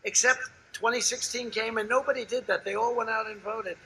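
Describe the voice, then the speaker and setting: Older male rally speaker: brassy, very bright voice, pitched fairly high, boastful and repetitive, with loud shouted peaks and quiet asides. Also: steady tone, fairly quick, a little hiss or hum, low-quality recording. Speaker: politician at a campaign rally. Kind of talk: rally speech. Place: outdoor rally before a large crowd.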